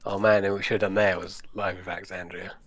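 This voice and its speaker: A man chatting casually alongside a streamer, giving quiet, dry replies. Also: sits low, flat delivery, very fast. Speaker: co-player on stream. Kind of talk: casual chat. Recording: voice heard from away from the mic.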